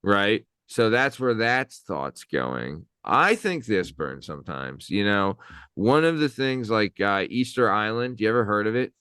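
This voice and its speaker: A hoarse young man with a lowish but smooth voice, riffing loosely on a comedy podcast. The recording is dry and close. He rambles, throws in fillers, and slips into silly bits. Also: sing-song, unhurried, fairly bright tone, no echo. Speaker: podcast co-host.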